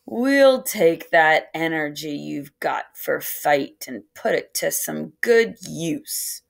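An indignant male ship captain shouts his grievances in a raised, strained voice, as a woman reading the book puts him on. He blusters and spits out his words. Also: fairly high pitch, expressive, moderate pace, pitched above the performer's own voice. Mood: gruff.

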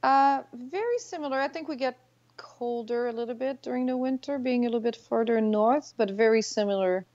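A woman's voice: fairly high pitch, a little fast, a little mellow. A woman with a French Canadian accent whose first language is French, a guest in a casual interview who sometimes searches for her English words. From Quebec City, Canada. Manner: friendly, hesitant, searching for words. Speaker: guest, online seller. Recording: dull lo-fi audio.

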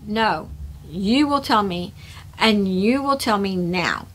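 A woman doing an honorable young man, steady and firm, giving measured commands. The voice stays bright and close to the reader's own, part of a read-aloud story. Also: fairly high pitch.

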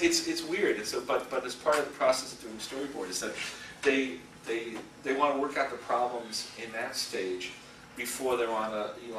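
A middle-aged man giving a casual guest lecture as an animation storyboard artist, rambling through anecdotes, laughing often and acting out quotes. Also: medium pitch. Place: school lecture room. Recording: echoey room, distant mic, faint hiss.

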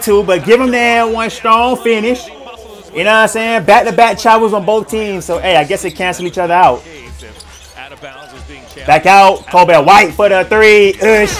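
A young sports reaction host hypes up basketball highlights with casual, slang-filled play-by-play, stammering, repeating himself, and laughing along. His tone is fairly bright.

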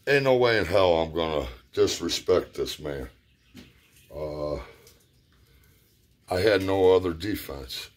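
A man telling a personal story in a laid-back, profane, rambling way. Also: low-pitched. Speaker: vlogger. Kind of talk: casual storytelling.

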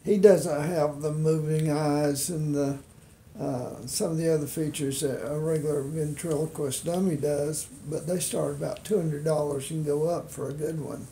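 A man's voice: on the high side, steady tone, normal speed, mellow, slight background noise. A man talking casually to camera as a beginner ventriloquist, rambling and self-deprecating with lots of fillers. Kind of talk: casual home vlog.

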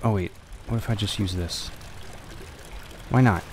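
A man's voice: fairly low pitch, a little slow, slight background noise. A young man casually commenting on a horror game as he plays, swearing and talking to himself. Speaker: let's play gamer.

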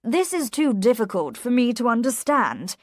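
A woman's voice: a little high, sing-song, normal speed, no echo, studio quality, voice pushed up. A woman doing a stern country magistrate. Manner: reproachful, commanding. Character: stern slow-minded country magistrate, man.

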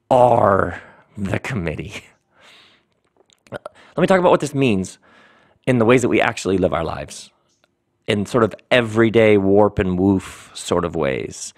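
Middle-aged male podcast host with a fairly low voice. Animated storytelling that slows into weighty pauses. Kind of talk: reflective spoken monologue.

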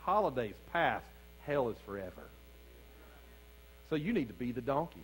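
A man's voice: medium pitch, sing-song, normal speed, a little hiss or hum, rough recording. A man preaching a sermon as pastor, calling out to his congregation with rising fervor. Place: church sanctuary.

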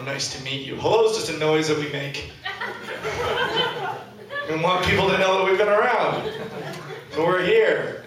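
High-voiced man doing stand-up in an echoey club. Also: fairly bright tone, far from the mic, slight background noise. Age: 30s. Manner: self-deprecating, profane and wry. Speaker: stand-up comedian. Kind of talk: stand-up comedy set. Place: comedy club stage, indoors. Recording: echoey club audio from afar with audience laughter.

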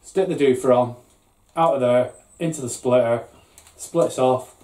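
A middle-aged home brewer who hosts a channel unboxes brewing gear in his garden brew shed, speaking unhurriedly in a warm, mid-range voice. He rambles, swears, and mocks himself, and the mic is distant in an echoey room.

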